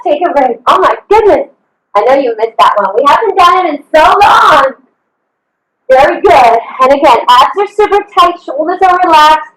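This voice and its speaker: Woman fitness coach, encouraging, counting reps, slightly out of breath, high lively voice, echoey room. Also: normal speed. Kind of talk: live online workout instruction.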